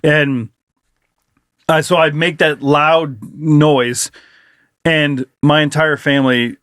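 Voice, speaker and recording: Excitable swearing man in his forties. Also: a little high, takes it slowly, dry recording, studio quality. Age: 40s. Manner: profane, excitable storyteller who bursts into shouted reenactments. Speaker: podcast co-host. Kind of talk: casual storytelling chat.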